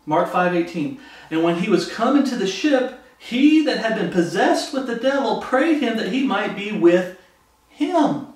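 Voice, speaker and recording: A man preaching a sermon, fervent and animated, acting out the voices of the people in his story. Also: high voice, unhurried. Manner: fervent, acts out quoted voices. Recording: echoey room from far off.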